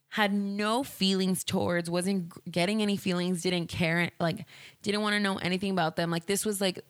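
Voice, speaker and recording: A woman talks straight into a close, dry mic, hosting her own podcast. Her voice sits a bit low, and she rambles candidly, padding her sentences with "like" and restarting often. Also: no room sound. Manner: candid, rambling, heavy use of "like". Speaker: podcast host. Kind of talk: casual solo podcast storytelling.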